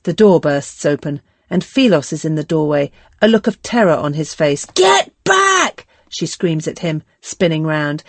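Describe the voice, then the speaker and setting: Lady narrating an audiobook, lowish voice, steady measured pace, very dry sound. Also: no room sound. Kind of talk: scripted narration.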